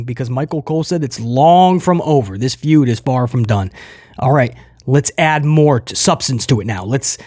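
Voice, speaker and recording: Animated, high-voiced male wrestling reviewer. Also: no echo, clean studio sound. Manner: animated, laughing often, addresses viewers as guys. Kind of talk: casual commentary review.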